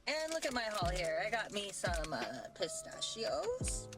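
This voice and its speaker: A woman's voice: medium pitch, very animated, unhurried, music in the background. A woman vlogging casually from a parking lot at night, chatty and loose, with many "like" fillers. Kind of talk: casual vlog talk.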